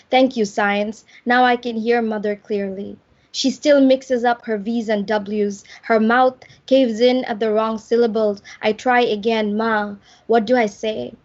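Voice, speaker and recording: Woman reading her poems slow over a video call, kinda high voice, dull lo-fi audio. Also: darkish tone. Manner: slow, measured delivery with drawn-out lines. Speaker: poet. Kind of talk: poetry reading.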